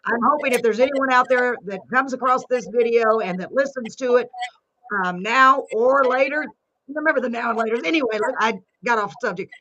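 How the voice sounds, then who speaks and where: Bubbly woman hosting a live show. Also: a little high. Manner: bubbly, excitable, fast talker. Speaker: host.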